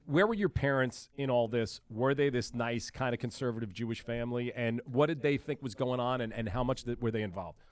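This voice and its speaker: A man hosting a podcast, asking casual, quick follow-up questions. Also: medium pitch. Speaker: podcast host. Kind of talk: casual interview.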